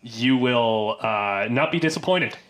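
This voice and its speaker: A man's voice: mid-range voice, expressive, slow pace, fairly bright tone. A man co-hosting a film podcast in casual chat, rambling with many fillers and restarts. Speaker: podcast co-host.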